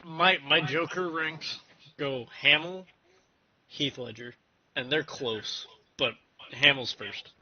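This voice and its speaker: A man's voice: a little high, takes it slowly, pauses often. A man chatting casually with friends on a game stream, giving blunt opinions and swearing now and then. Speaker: co-player, stream guest. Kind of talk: casual gaming-stream chat. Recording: muffled lo-fi stream audio.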